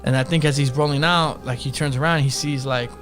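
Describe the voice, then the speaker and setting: A man's voice: medium pitch, steady tone, fairly quick, a bit bright, faint music behind. A man casually telling a ghost story on a podcast, profane and slangy, acting out the other people's lines. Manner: profane, slangy, acts out quotes in voices.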